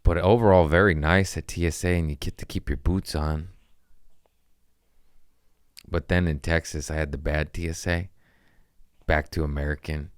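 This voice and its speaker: Deep-voiced man telling loose, profane stories. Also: steady tone, moderate pace, pauses often, clean tone, no room sound, clean studio sound. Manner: loose, profane, laughing at his own stories. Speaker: comedian hosting a podcast. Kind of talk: casual storytelling chat.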